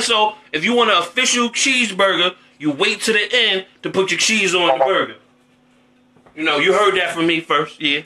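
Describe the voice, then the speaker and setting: A man's voice: high voice, moderate pace, sharp tone, reverberant, rough recording. A man hosting a casual cooking show, chatting in slang while he cooks and often asking if you know what he's saying. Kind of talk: casual cooking demo chat. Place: home kitchen with food frying.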